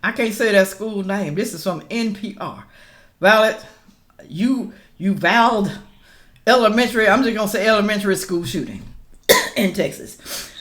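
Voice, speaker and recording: A middle-aged woman who vlogs political commentary gives casual reactions in a mid-range voice at a moderate pace. She reads news aloud, calls out to viewers as "y'all," and rises to loud, emphatic questions.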